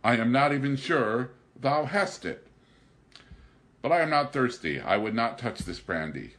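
A loud, sly young drifter coaxes a friend with high, theatrical flattery, as a male reader puts him on. His voice jumps well above a low natural range and swings widely. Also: measured pace. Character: exuberant scheming young male drifter, coaxing.

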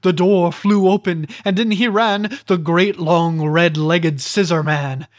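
A reader narrates old rhyming children's tales with a theatrical touch, swooping up for exclamations and dropping low for grim endings. The pace is slow and unhurried at a middle pitch. The recording is dry and close, with no room echo. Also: fairly even intonation. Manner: deliberate, theatrical reading with voiced characters. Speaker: audiobook reader. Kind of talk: storybook verse narration.

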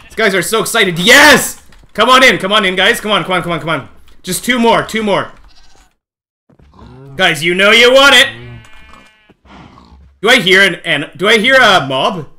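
A man streaming a game live, talking excitedly to his chat and coaxing the animals along, often shouting and laughing. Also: high-pitched, moderate pace, long pauses. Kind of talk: excited live gameplay commentary.

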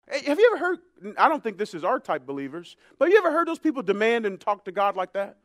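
A male pastor preaching a sermon, swinging from hushed, near-whispered passages to loud shouted climaxes. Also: sits high, huge pitch swings, fast talker, no echo, studio quality. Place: church sanctuary.

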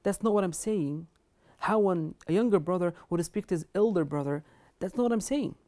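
Woman, religious lecture, emphatic, lowish voice, mellow tone. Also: a little fast. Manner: earnest, emphatic, quotes Arabic scripture and scholars. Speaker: Islamic lecturer. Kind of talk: religious lecture on kindness to parents.

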